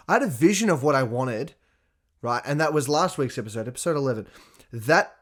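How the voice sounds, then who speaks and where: Speaking at medium pitch, this podcast host rambles alone and unfiltered, swearing freely as he talks. Frequent laughter breaks in, and his volume climbs when something gets him going.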